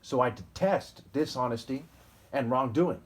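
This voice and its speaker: Speaking in a husky, mid-range voice at an unhurried pace, this man in his forties delivers a preachy solo video monologue. He reads scripture and attacks it with combative, insulting commentary, constantly asking "okay?".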